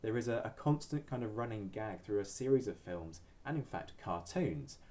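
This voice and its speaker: A man speaking as a historian, giving measured expert commentary with frequent ums and pauses. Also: on the low side, expressive, a little mellow.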